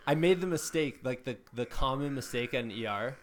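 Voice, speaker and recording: A man's voice: medium pitch, lively intonation, fairly quick, noisy background. A man talks casually on a podcast, his voice swinging up and down with animation. He rambles through stories and pokes fun at himself as he goes. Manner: rambling, self-mocking storyteller.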